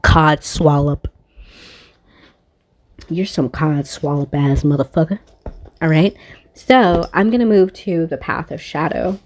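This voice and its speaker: A woman's voice: deep voice, slow, long pauses, darkish tone, no echo. A woman tarot reader talking in a casual spiritual monologue, rambling and swearing freely, often laughing at herself.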